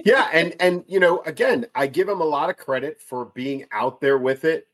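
A man's voice: a little high, moderate pace, fairly bright tone. A man from outside Chicago with a Chicago accent, talking politics in a casual chat, emphatic and often repeating his words. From outside Chicago, USA.

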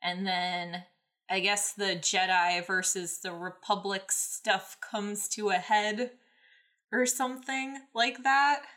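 A woman hosts a podcast and recaps a story in a loose, rambling way, full of fillers. Her voice is bright and forward. She keeps it casual and chatty. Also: mid-range voice, steady tone, slow pace. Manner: rambling, many ums and likes, laughing. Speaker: podcast host. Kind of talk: casual fanfic recap and reading.

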